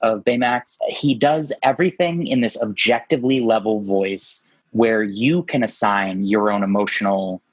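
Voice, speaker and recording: A man's voice: lowish voice, normal speed, few pauses, dry recording. A man hosting a casual podcast, picking apart a film in a talkative, analytical way, with many restarts. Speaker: podcast host.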